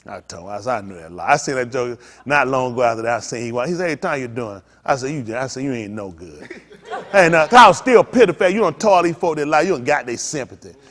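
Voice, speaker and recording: A middle-aged man preaching as a pastor, telling stories and swinging from low mutters to loud outbursts while acting out what others said. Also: animated, fast talker. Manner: quotes others in acted voices, repeats phrases. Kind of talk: preaching in a storytelling way.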